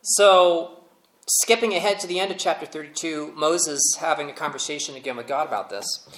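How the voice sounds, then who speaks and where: Conversational preacher in a roomy sanctuary. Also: male voice, a little high, moderate pace, a bit bright. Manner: conversational, humorous storytelling. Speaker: pastor. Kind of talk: sermon.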